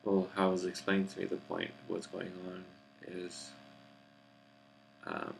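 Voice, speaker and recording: A man with a very low, heavily gravelly voice gives a reflective personal video update. He talks at an unhurried pace in a relaxed, grounded chest voice and pauses to search for words. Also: slight background noise. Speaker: vlogger. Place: seated in a chair indoors.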